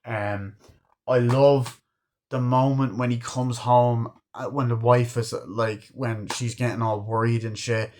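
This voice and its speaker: A man's voice: mid-range voice, measured pace, a little hiss or hum. Rambling, swearing man reviewing a film. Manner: animated, acts out quoted lines in put-on voices; swears freely, loose rambling delivery. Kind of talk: casual movie review.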